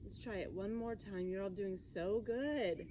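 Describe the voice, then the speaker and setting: A woman's voice: medium pitch, unhurried, background noise. A woman teaching a children's yoga class, giving upbeat, encouraging instructions in a sing-song way.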